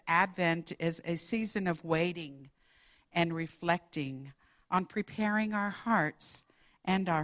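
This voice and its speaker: Woman pastor talking slow, lowish voice, easygoing. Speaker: executive pastor. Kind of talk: sermon.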